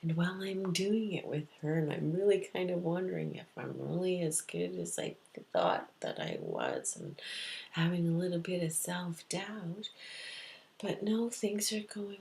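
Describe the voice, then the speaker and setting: A woman telling a personal story softly and often near a whisper, repeating her phrases. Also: fairly low pitch, sing-song, a little slow, gravelly. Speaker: psychic medium.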